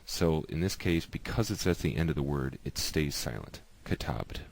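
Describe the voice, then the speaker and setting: Very deep-voiced man teaching patiently. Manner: patient, repeats examples slowly. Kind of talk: explanatory lesson.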